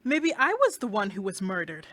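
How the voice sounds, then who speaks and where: A young woman playing a deadpan dinner guest in a student sketch comedy. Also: medium pitch, moderate pace.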